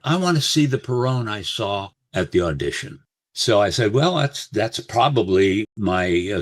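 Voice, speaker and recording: A man's voice: on the low side, dry recording. An older man, an actor guest, telling reflective anecdotes in an interview and sometimes quoting people in their voices. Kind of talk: storytelling interview.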